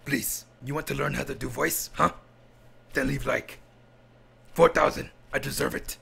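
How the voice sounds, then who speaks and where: A man's voice: medium pitch, fairly even intonation, moderate pace, creaky, fairly bright tone, slightly rough, voice pushed up, heavily acted. A man voicing a greedy, cookie-loving monster who growls in broken, childish English. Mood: pleading, boastful.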